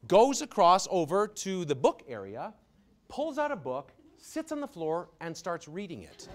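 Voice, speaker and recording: A middle-aged man doing stand-up with a lively, swooping delivery that rides a little high. He pokes fun at himself and jumps into playful voices to act out the story. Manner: animated, self-mocking, acts out voices. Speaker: comedian.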